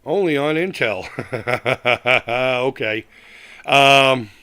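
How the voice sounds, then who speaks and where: A man's voice: medium pitch, very slow, sharp tone, smooth. A middle-aged man hosting a live chat stream, reading comments aloud and ranting with heavy profanity and frequent laughs. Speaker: livestream host.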